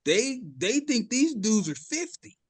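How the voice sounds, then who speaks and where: A man in his thirties, a podcast co-host, telling animated stories in casual chat and acting out the voices of people he quotes. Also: extremely high pitch, unhurried, breathy edge, dry recording. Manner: animated storyteller who acts out quoted voices.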